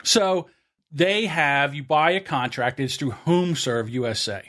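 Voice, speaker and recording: A middle-aged man telling a story in casual podcast chat, his voice sitting a bit high. He gets grumpy and animated as he acts out his own rants, and his pitch swings widely from line to line. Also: unhurried. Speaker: podcast co-host.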